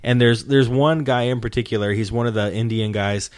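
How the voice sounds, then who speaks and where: A man's voice: medium pitch, fairly even intonation, fairly quick, clear, resonant tone, dry recording, clean studio sound. A man hosting a casual podcast chat, talking in an earnest, rambling way as he retells scenes. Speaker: podcast host.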